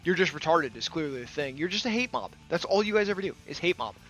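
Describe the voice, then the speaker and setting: A man's voice: on the high side, lively intonation, fast, fairly bright tone, lo-fi sound. Man, angry profane rant, gaming video commentary, raised voice, faint music behind. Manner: angry, profane, blunt ranting.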